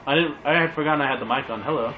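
A man commentating his own shooter gameplay, excitable and yelling and swearing at the game, heard through a dull lo-fi mic. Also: medium pitch, very fast, background noise. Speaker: gamer.

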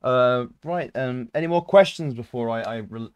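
A man hosting a casual interview chat, who talks in an excited, laughing way. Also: medium pitch, normal speed, smooth, no echo. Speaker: host.

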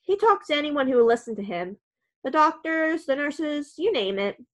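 A woman narrating a storybook in the first person, her delivery wry and dry. Her voice sits fairly high. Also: big pitch swings, normal speed. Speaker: audiobook narrator.

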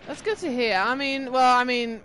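Bubbly high-voiced woman streamer. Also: normal speed, a little hiss or hum. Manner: chatty, reads and answers chat, bubbly and excitable. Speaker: game streamer. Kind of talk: casual live-stream chat.

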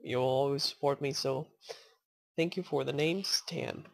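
A woman casually commenting while she plays, rambling, thanking viewers and coaxing in-game animals aloud, swearing in sudden excited outbursts. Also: extremely low pitch, a little slow, gravelly. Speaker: gaming channel host.

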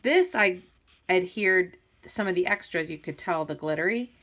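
A woman's voice: lowish voice, lively intonation, moderate pace, a bit bright. A woman casually walking through a handmade scrapbook album, chatty and enthusiastic with lots of ums and restarts. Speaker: crafter demonstrating a scrapbook album. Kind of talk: casual show-and-tell tutorial.

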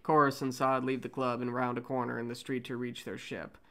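A man co-hosts a casual read-through of a fan script and reads out the stage directions. His voice sits at an ordinary middle pitch. He jokes around between scenes. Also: flat delivery, fairly quick, fairly bright tone. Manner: casual, joking. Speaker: co-host reading a fan script.

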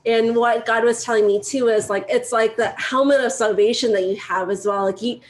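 A woman's voice: on the high side, fairly even intonation, brisk, poor audio. A woman leading a group, giving effusive, encouraging feedback full of casual fillers.

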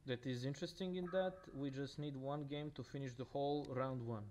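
A man's voice: medium pitch, fairly quick, darkish tone, slight background noise. Russian-accented male esports caster. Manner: casual, chatty, with many fillers and restarts. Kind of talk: solo game commentary.

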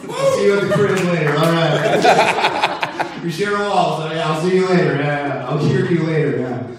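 A young man with a laid-back Californian surfer drawl doing an energetic stand-up set on a club stage. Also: fairly high pitch, normal speed, very noisy. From Boston. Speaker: stand-up comedian. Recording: roomy club sound from a distance. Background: laughing audience.

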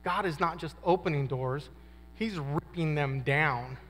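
Man in his 50s, high voice, slangy testimony talk with acted-out quotes, long hall echo. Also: unhurried, a bit bright, slight background noise. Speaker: guest speaker at a men's conference. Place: conference hall. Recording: long reverb of a large hall.

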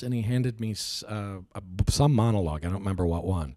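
A man's voice: lowish voice, expressive, a little fast, few pauses, darkish tone, no room sound, studio quality. A middle-aged man answering interview questions in a casual, hesitant way, acting out people he quotes. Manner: hesitant, restarts, acts out quoted voices animatedly. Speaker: actor interviewee.

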